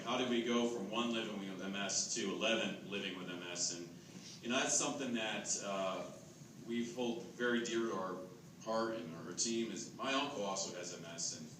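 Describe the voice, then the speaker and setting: A man telling a lively, chatty story as captain of a charity ride team. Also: fairly low pitch. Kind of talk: casual storytelling to a camera. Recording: echoey, distant, noisy crowd.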